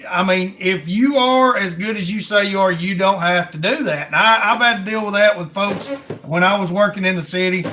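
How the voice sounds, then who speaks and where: High bright folksy man. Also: moderate pace, hardly any pauses, slight background noise. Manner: plainspoken, folksy drawl, "ain't" and "I mean". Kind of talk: casual chat.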